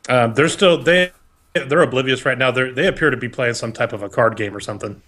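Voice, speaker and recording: Bright-voiced male dungeon master. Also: mid-range voice, fairly quick. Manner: relaxed, hesitant narration with fillers. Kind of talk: narrating a tabletop game over voice chat.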